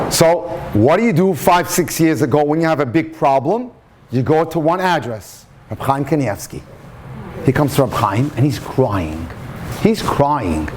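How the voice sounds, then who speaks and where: A man's voice: on the high side, expressive, measured pace, noisy background. A man who is a rabbi, telling a story in a passionate, dramatic lecture style.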